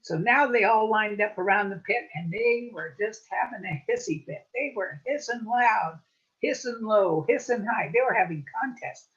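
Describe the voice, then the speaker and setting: A woman storyteller telling a playful folk tale with lively wordplay at a story swap. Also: medium pitch, normal speed, highs cut off.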